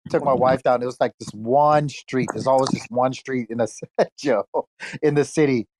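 A man's voice: medium pitch, fairly even intonation, moderate pace, a little mellow. An American man telling anecdotes in a casual chat, often laughing.

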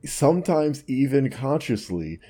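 A man's voice: mid-range voice, very animated, a little slow, warm tone. A man co-hosting a comedy podcast, reading online posts aloud and riffing on them with dry wit. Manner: dry, wry, reads quotes aloud in a mock voice. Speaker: podcast co-host.

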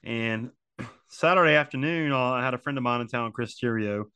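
A man's voice: medium pitch, normal speed, pushed and bright, smooth, dry recording. A grieving man in his forties talking earnestly about loss, repeating phrases and using many fillers. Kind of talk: emotional personal reflection on loss.

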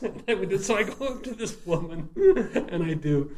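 A man's voice: high voice, very animated, a little fast. A man who writes and performs murder-mystery shows, telling stories casually in an interview; he laughs often and restarts his sentences.

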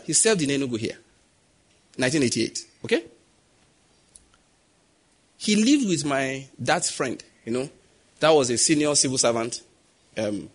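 A man's voice: medium pitch, breathy edge. A man with a Nigerian accent preaching a sermon, telling stories and acting out the voices in them. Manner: animated storytelling, acting out quoted voices.

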